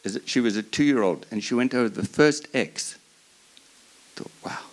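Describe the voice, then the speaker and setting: A man's voice: mid-range voice, normal speed. A man speaking on a breeders' panel, telling a long personal story in an earnest, passionate way, often restarting his sentences. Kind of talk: storytelling at a live talk.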